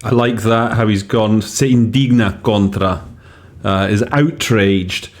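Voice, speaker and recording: A man with a fairly low voice talks through interpreting choices in a relaxed, teacherly way. He thinks aloud as he goes, with frequent fillers and self-corrections. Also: slow pace. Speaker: podcast host teaching interpreting. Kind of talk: casual explanatory commentary.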